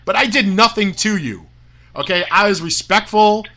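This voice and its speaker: A fired-up man with a high, bright voice vents about a grudge as a guest on a radio show. His speech is full of cursing and filler, he stumbles over words in his hurry, and he keeps pressing his point. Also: normal speed. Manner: angry, profane rant with many "you know" fillers and stammered restarts. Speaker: wrestling promoter.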